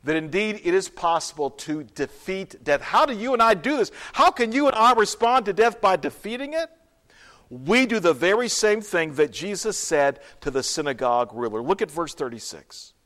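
A man preaching a sermon, acting out scenes and dropping to hushed whispers. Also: high-pitched, big pitch swings, normal speed. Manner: dramatic, swings from loud to hushed whispers. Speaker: pastor.

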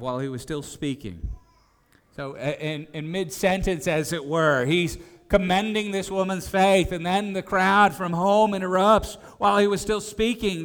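A man's voice: sits high, a bit bright, clear, resonant tone, in a large hall. A man preaching an expository sermon, stammering on restarts and building to emphatic points. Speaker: pastor.

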